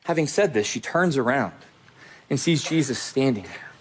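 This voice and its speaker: A man's voice: medium pitch, expressive, moderate pace, a little hiss or hum. A man pastor preaching a sermon with emphatic direct address and repeated phrases.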